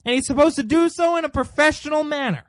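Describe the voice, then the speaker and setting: Indignant man with a higher voice. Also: fast, no room sound. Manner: indignant, rhetorical questions. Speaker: political commentary host. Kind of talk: opinion commentary monologue.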